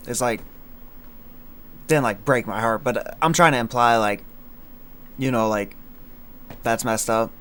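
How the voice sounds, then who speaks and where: A man's voice: mid-range voice, measured pace, pauses often, fairly bright tone, clear, resonant tone. A young man in casual livestream chat, rambling with many fillers and slang as he breaks down his own song lines. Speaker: streamer explaining his song.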